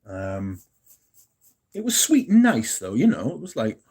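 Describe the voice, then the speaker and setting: A man's voice: mid-range voice, huge pitch swings, a little slow, a little mellow, slightly rough. A man in his thirties hosting a livestream, rambling and swearing as he chats with viewers. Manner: rambling and profane, answers chat questions. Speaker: livestream host. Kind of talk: casual chat with viewers.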